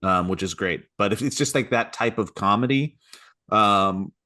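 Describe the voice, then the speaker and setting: A man co-hosting a podcast, chatting in a relaxed, joking way and reacting with quick asides. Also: lowish voice, no echo. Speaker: podcast co-host. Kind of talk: casual podcast chat.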